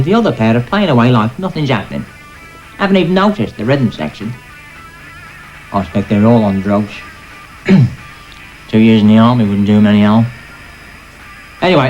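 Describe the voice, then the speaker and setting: A man's voice: mid-range voice, a little mellow, muffled recording, natural voice. An actor playing a grumbling, matter-of-fact man, telling a story in a sketch comedy monologue.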